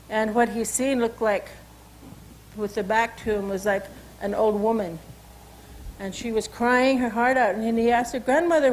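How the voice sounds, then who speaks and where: High-voiced woman telling a story. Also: a little hiss or hum, poor audio. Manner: unhurried, conversational, with frequent asides. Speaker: tribal cultural educator. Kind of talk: oral storytelling and language lesson.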